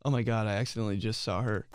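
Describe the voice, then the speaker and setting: On a very noisy recording, a male podcast host with a fairly low voice reads listener submissions. His chat is casual and comedic, animated and full of jokes and frequent laughter.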